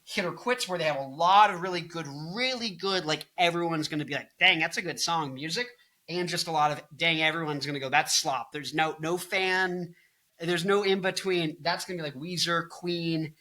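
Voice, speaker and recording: A man's voice: on the high side, normal speed, bright, forceful tone. A young man in his twenties hosting a casual, jokey and rambling music commentary video. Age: 20s. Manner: jokey, rambling, goofs off into silly bits.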